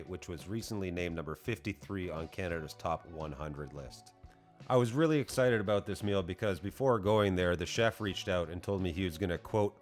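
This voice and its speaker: A man reviewing food in a casual vlog, blunt and profane, mocking himself as he rates each dish. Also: deep voice. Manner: profane, blunt, self-deprecating. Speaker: food vlogger. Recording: music playing underneath.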